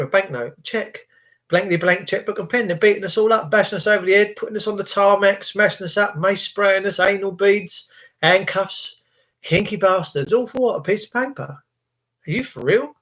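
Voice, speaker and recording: A man's voice: sits high, a bit bright. A man, ranting and swearing angrily to viewers on a live stream, with sarcastic asides.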